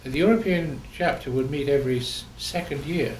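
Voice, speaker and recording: A man's voice: medium pitch, moderate pace, darkish tone, slight background noise. An older man with an English accent, a surgeon reminiscing in conversation, telling stories with frequent ums and restarts. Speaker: surgeon interviewee.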